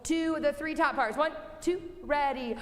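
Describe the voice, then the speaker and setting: Young woman choir director, high voice, encouraging, reverberant rehearsal hall. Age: young adult. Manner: brisk and encouraging, sings example phrases. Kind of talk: rehearsal instruction. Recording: long hall reverb, faint music.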